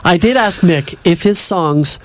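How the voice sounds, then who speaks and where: A man's voice: high voice, a little slow, dry recording. A man hosting a radio show, talking about music in an enthusiastic, casual way and often repeating himself. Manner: enthusiastic, repeats words, exclaims "boy".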